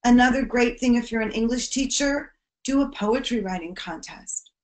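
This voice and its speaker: Speaking at a moderate pace in a fairly high voice, a woman gives teachers an earnest educational talk on preventing bullying. At the serious moments her voice drops soft.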